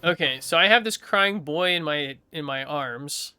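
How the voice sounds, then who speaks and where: An eager man plays his character in a tabletop game, his voice bright and forceful and a little high. He rambles and restarts a lot while faint music plays. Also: measured pace, smooth. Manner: eager, rambling with many likes. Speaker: player.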